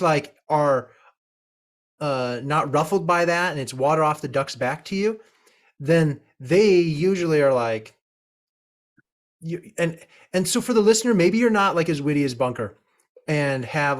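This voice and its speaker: A man hosting a casual interview, rambling with restarts and digressions. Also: a little high. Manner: rambling, restarts, drifts off topic. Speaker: podcast host.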